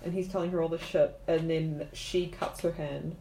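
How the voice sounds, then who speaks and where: A woman's voice: low voice, steady tone, moderate pace, echoey room, crowd noise, poor audio. A young woman in casual chat with friends, recapping scenes in an easygoing way with many fillers.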